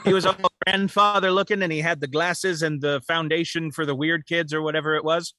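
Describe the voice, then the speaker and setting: A man co-hosting a podcast in casual chat, making quick dry jokes. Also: fairly high pitch, steady tone, bright, forceful tone, no room sound. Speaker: podcast co-host.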